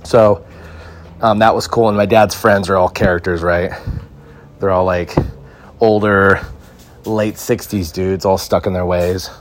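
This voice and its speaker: Low-voiced laid-back man rambling. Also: fairly even intonation, unhurried, pauses often. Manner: rambling, laid-back, heavy use of filler like "like" and "right?". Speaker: podcast host. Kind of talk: casual solo podcast chat. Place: backyard outdoors at night. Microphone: phone.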